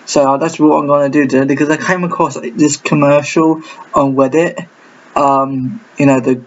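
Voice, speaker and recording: A man hosting a casual reaction video. He rambles, repeats himself and restarts halting sentences, and his voice sounds a little off today. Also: a little high, fairly even intonation. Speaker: reaction channel host. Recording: dull lo-fi with faint noise.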